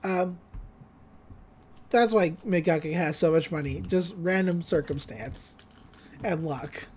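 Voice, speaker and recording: A woman's voice: on the low side, slow, darkish tone, slight background noise. A woman co-hosting a podcast, casually recapping an episode, laughing often and acting out quoted lines. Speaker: podcast co-host.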